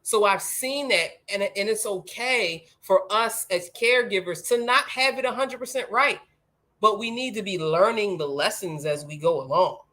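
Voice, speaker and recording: A woman hosting a casual discussion, telling stories with animated emphasis. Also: mid-range voice, moderate pace. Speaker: host.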